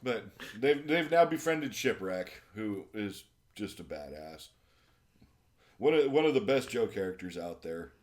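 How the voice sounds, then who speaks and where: A man's voice: on the low side, sing-song, measured pace. A man co-hosting a podcast in casual chat, chuckling often and recalling cartoon lore fondly. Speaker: podcast co-host.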